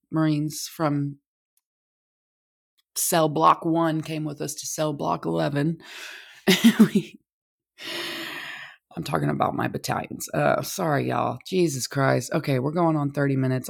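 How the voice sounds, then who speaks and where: A woman's voice: low voice, vocal fry, darkish tone. A young woman hosting a podcast, speaking candidly and emotionally in a personal monologue, swearing freely. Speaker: podcast host.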